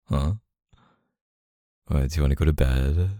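A young man speaking to the listener as a boyfriend in a role-play, soft-spoken and coaxing, with lots of filler words. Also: rumbling low, steady tone, slow, long pauses, no echo, clean studio sound.

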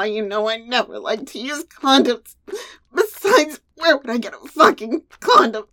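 Very high-pitched breathless woman. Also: expressive, unhurried, fairly bright tone. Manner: breathless, moaning, teasing. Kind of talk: erotic audio role-play.

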